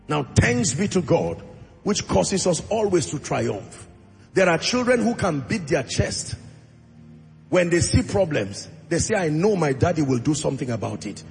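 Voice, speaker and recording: A man preaching a sermon as pastor, acting out short dialogues and rising into shouted prayer. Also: on the high side, very animated, unhurried, gravelly. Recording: music under voice in a large reverberant hall.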